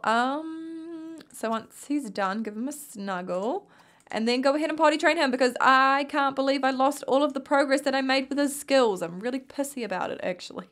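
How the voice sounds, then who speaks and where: Young kiwi woman rambling through a sims let's play, kinda tired, high voice, chatting to her little people. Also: fairly bright tone. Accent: New Zealand. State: tired, yawning. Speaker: gaming youtuber. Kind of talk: casual gameplay commentary.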